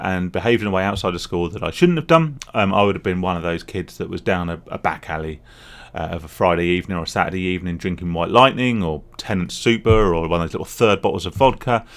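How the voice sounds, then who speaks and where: A man speaking candidly in a rambling, confessional solo vlog about his past as a gambling addict. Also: deep voice. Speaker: vlogger, former gambling addict. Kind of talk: reflective solo vlog monologue.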